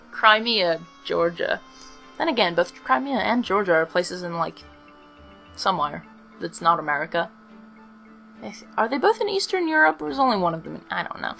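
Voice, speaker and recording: A woman hosting a game playthrough, chatting loosely with self-mocking asides. Her voice is bright and clear. Faint game music runs underneath. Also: mid-range voice, poor audio. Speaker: let's play host. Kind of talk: casual game commentary.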